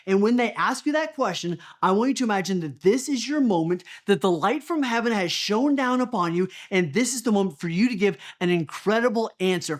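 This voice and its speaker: A man coaching real estate agents, direct and emphatic, acting out sample phone calls. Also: high-pitched. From Texas. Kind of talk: energetic coaching talk to camera.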